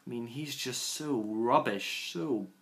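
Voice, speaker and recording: A man's voice: mid-range voice, slow, fairly bright tone, echoey room. A man giving a casual film review, rambling with lots of "you know" and "I mean" and sounding scathing and exasperated.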